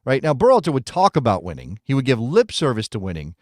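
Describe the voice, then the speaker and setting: Brief: American male co-host, chatty and self-correcting, medium pitch, dry studio sound. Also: huge pitch swings, quick pace, darkish tone, no echo. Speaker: podcast co-host. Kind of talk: casual soccer talk show.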